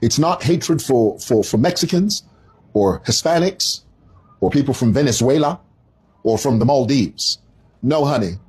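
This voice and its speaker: A Zambian man in his fifties with a Zambian accent, giving casual commentary in an animated, digressive storytelling manner. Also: medium pitch, unhurried, breathy edge.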